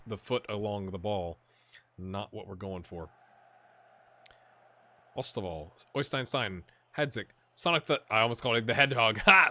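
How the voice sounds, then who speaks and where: A man hosting a gaming video, chatting and reacting excitedly as he plays a football management game. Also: mid-range voice, dry recording. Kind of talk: live commentary while playing a football management game.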